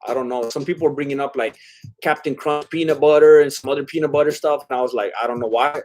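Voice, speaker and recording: A man's voice: mid-range voice, steady tone, fast talker, darkish tone. A man streaming live, reading chat and rambling casually with lots of fillers and laughs. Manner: rambling, filler-heavy, self-deprecating laughs.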